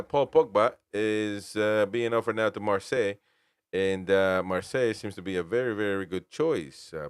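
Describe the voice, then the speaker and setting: Guy hosting a football chat, smooth clear voice, dry close sound, rambly, keeps saying man. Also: on the low side, no room sound. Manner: rambling with restarts, says "man". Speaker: host. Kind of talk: casual football talk.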